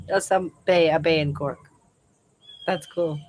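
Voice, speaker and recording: A woman's voice: low voice, fairly even intonation, takes it slowly, rough recording. A woman hosting a live chat outdoors, casually reading viewer comments aloud and laughing often.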